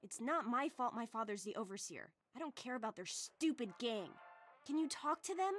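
A woman's voice: a little high, lively intonation, moderate pace, a bit bright, faint music behind. An exasperated teenage girl. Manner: exasperated, complaining. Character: teenage girl, the overseer's daughter, fed up. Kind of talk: video game voice acting.

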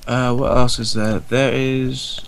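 A man's voice: mid-range voice, level tone, slow, gravelly, over a noisy crowd. A young British man with a British English accent co-hosting a game let's play, rambling and swearing in casual chat. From Britain. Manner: rambling, swears, restarts often.

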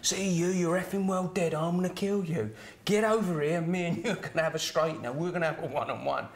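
A man voicing a huge, enraged street brawler who is shouting threats across a road. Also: on the high side, fairly quick, reverberant, pitched above the performer's own voice, lightly acted. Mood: threatening.

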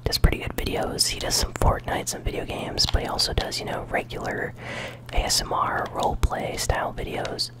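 The whispered gameplay commentary comes briskly here, the host still chewing gum and chatting easily, with flashes of excitement breaking through.

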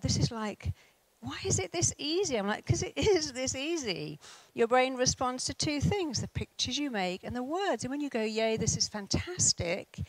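A woman's voice: a little high, no echo, rough recording. A middle-aged British woman, a therapist, giving a motivational talk and acting out the people in her anecdotes. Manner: animated storytelling, acting out quoted voices. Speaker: therapist and speaker.

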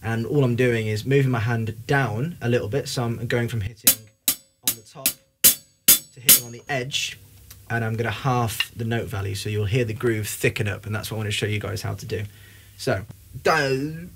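A man's voice: medium pitch, little pitch movement, brisk, music in the background. A young man giving a casual, upbeat drum lesson, talking between demonstrations at the kit. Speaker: drum teacher. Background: drum kit playing.

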